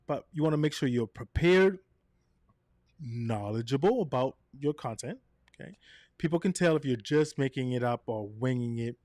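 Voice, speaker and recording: A man's voice: medium pitch, normal speed, no echo, studio quality. A man teaching a session on camera presence, asking "right?" often and changing his tone to show his points. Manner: animated, varies tone to demonstrate points, frequent "right?". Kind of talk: presentation coaching.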